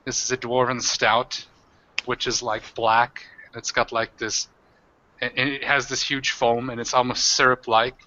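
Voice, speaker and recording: Bright-voiced man running a tabletop game. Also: medium pitch, little pitch movement, a little slow, lo-fi sound. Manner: rambling, many fillers. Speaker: game master.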